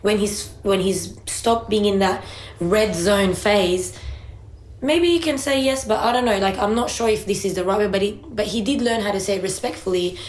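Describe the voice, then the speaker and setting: A woman's voice: medium pitch, normal speed. A woman co-hosting a casual parenting chat, telling a family story and acting out quotes along the way. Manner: storytelling, acts out her child and sister in quotes. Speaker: podcast co-host. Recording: echoey room, faint background noise.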